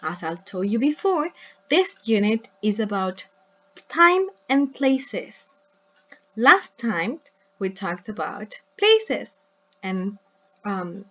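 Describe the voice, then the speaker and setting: Slow, patient woman teacher. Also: mid-range voice, fairly bright tone, lo-fi sound. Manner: patient, checks in with "right?" and "yes?"; models words slowly for repetition. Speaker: English teacher. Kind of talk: recorded online lesson.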